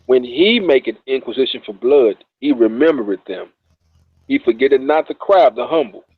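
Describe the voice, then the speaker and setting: A man co-hosting a Bible study, reading scripture slowly and measured, then closing the show in relaxed talk. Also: medium pitch, slightly rough, dry recording. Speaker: co-host and scripture reader. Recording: tinny phone line.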